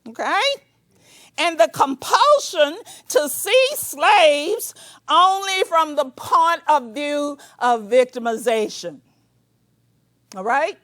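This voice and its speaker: An older woman lectures in a high voice, taking her time over each phrase. She talks like a preacher, mixing fervent emphasis with casual, colloquial asides. The sound is close and dry, with no room echo. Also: lively intonation, slow pace. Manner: preacherly, emphatic, sometimes shouting. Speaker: speaker.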